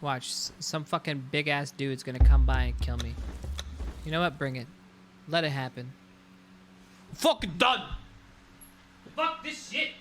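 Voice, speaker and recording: A man's voice: medium pitch, fairly even intonation, moderate pace, a little hiss or hum. A man streaming a roleplay game, ranting in exasperation and swearing often. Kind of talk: casual game chat.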